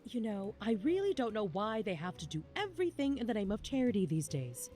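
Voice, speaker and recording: A wry, sarcastic heroine , as a woman streamer plays her teases with a mellow, lively delivery. Soft music runs faintly behind her. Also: mid-range voice, fairly quick, natural voice. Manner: dry, teasing sarcasm. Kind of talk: game voice reading.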